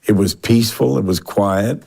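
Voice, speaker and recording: An older man with an Australian accent, a musician guest telling animated stories and acting out the people he quotes. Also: fairly low pitch, moderate pace, gravelly, slightly rough. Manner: animated storyteller, acts out quoted voices, frequent restarts. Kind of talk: relaxed storytelling interview.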